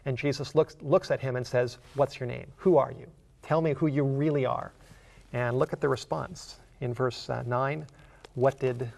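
Gravelly-voiced male preacher. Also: medium pitch. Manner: conversational, with fillers and repeated words. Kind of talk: sermon reading and explaining scripture.

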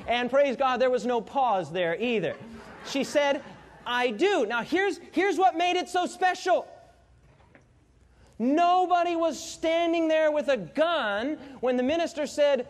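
Middle-aged male preacher, very high voice, storytelling sermon, asks the congregation questions. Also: normal speed.

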